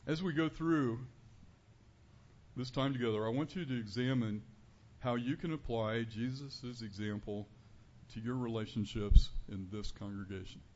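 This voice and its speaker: Man preaching, earnest and conversational, middle pitch, muffled lo-fi sound. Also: steady tone, moderate pace, a little mellow. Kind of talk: sermon. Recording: dull lo-fi recording with faint room noise.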